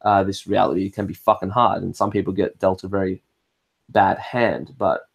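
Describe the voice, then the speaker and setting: A man's voice: deep voice, steady tone, moderate pace, vocal fry, husky. An Australian man chatting casually on a livestream. He rambles, swears freely, restarts his sentences often and answers viewer comments as they come in. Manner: reads viewer comments aloud and answers them. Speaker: livestream host.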